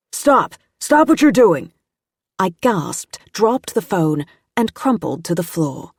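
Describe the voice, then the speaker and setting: A woman reading a mystery audiobook in a tense, steady first-person narration. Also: on the low side, slightly rough, dry recording, studio quality.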